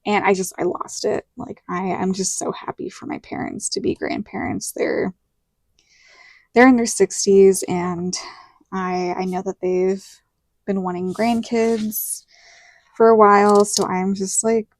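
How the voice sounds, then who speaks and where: A Southern American woman in her thirties talks through her week in a relaxed, chatty way as she sticks stickers in her planner. Her voice sits at a medium pitch and sounds close and dry, with no room echo. She keeps acting out what people said. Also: a little slow. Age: 30s. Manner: chatty storytelling with lots of likes and quoted dialogue. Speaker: planner vlogger. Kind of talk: casual chat while decorating a planner.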